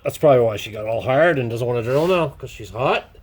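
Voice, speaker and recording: Man, workshop DIY host, playful put-on Irish lilt, middle-pitched voice, faint hum behind. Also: expressive, fairly quick. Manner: joking, playful, exclaims while working. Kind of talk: casual workshop vlog commentary. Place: home workshop.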